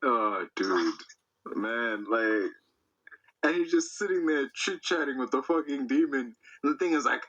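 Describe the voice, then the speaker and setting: Animated, bright-voiced young man ranting. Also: medium pitch, moderate pace, lo-fi sound. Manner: animated, profane, laughing storyteller. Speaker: podcast guest. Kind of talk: casual chat.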